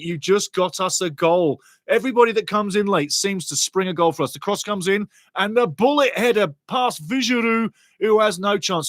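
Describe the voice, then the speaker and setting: A man giving lively, chatty live football watchalong commentary and greeting viewers in the chat. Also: high voice, dry recording, studio quality.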